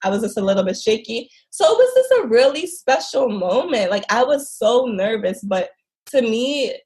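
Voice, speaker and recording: Brief: expressive woman guest recounting travel mishaps, slightly high pitch. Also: moderate pace. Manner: animated, expressive, laughs often. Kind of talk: casual interview storytelling.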